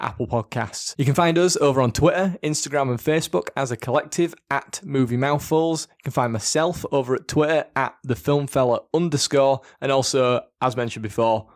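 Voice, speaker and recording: Chatty Yorkshire podcast host. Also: male voice, medium pitch, dry recording, studio quality. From England. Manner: chatty, self-mocking, laughs often. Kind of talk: casual chat.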